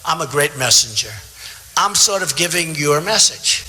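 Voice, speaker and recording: Older man, rally speech, boastful, repetitive, piercing bright voice, somewhat high. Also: animated, normal speed, a little hiss or hum. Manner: boastful, repetitive, conversational asides to the crowd. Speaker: political candidate at a rally. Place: large theater. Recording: long hall reverb from a theater PA.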